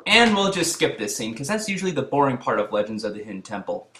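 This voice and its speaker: A young man giving comedic review commentary, sarcastic and profane, breaking into repeated yelled gags. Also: medium pitch, sing-song, fast, loud music behind the voice. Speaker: video reviewer. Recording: roomy echo.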